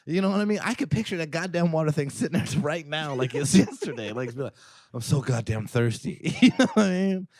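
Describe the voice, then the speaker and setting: A man's voice: on the high side, animated, fast talker, few pauses, darkish tone, dry recording. A man co-hosting a podcast, telling rambling, profane stories in casual chat and laughing often. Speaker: podcast co-host.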